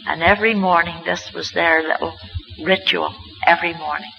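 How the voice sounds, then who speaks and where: A man's voice: fairly high pitch, fairly even intonation, moderate pace, vocal fry, lo-fi sound, a little hiss or hum. A man giving a church lecture, telling healing stories with an earnest, emphatic storytelling manner. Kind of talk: storytelling sermon talk.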